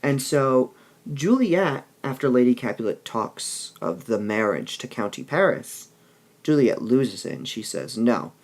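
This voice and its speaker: A man's voice: medium pitch, animated, unhurried. A male teacher explaining a play in a recorded lesson, checking in with "all right?" as he goes. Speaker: English teacher.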